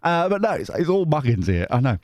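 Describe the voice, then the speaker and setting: A man's voice: a little high, big pitch swings, fairly quick, a little mellow, dry recording, clean studio sound. A man hosting a tarot channel, chatting casually to his viewers in a rambling, self-deprecating, jokey way. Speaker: tarot reader and channel host. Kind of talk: casual rambling chat to camera.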